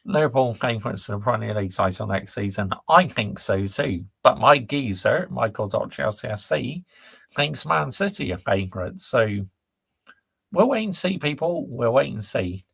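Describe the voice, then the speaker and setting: Gravelly husky man ranting about football. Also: mid-range voice, lively intonation, moderate pace, fairly bright tone, no room sound. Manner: ranting, blunt, laddish slang. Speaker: football channel host reading live chat. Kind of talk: casual live-stream chat.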